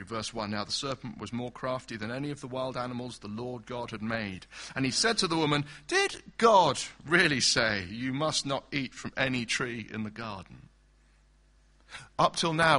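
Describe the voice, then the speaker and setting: A man's voice: mid-range voice, pushed and bright. A man preaching an expository sermon in an earnest, emphatic way, asking the congregation direct questions.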